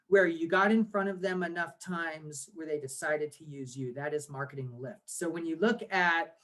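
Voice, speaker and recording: A man in his forties, a guest on an interview podcast, explaining things with lively rhetorical questions. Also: high voice. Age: 40s. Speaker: guest, marketing agency owner.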